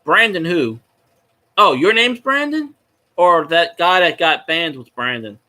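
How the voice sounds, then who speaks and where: A man's voice: a little high, lively intonation, measured pace, pushed and bright. A man, a fan vlogger rambling and swearing as he chats with viewers on a casual livestream. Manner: rambling, profane, talks to viewers in chat.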